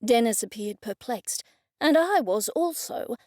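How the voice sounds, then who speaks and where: A woman narrating a cozy mystery audiobook in first person, wry and even. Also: a little high, measured pace, no room sound, studio quality.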